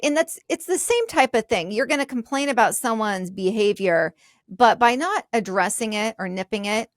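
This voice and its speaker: A woman's voice: on the high side, no room sound. Woman co-host with a dry close sound. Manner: candid, explanatory, lighthearted asides. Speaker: podcast co-host. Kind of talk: casual podcast discussion.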